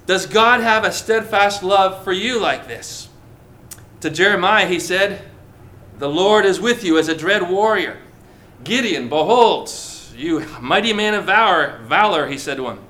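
A pastor preaching a lively sermon to his congregation, drawing out key words slowly and joking with the listeners. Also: high voice.

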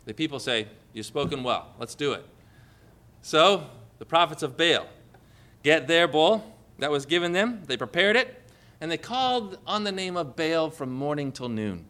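A man's voice: fairly high pitch, animated, a little slow. A middle-aged male pastor preaching a sermon, retelling scripture dramatically and asking the congregation rhetorical questions. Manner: dramatic scripture retelling with sudden loud cries.

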